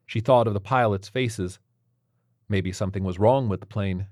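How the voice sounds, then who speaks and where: Low-voiced male audiobook narrator. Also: normal speed, a little mellow, dry recording, clean studio sound.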